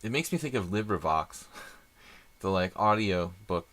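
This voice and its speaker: A man's voice: deep voice, lively intonation, measured pace, a bit bright. A man doing live chess stream commentary, chatty and thinking aloud with rambling asides.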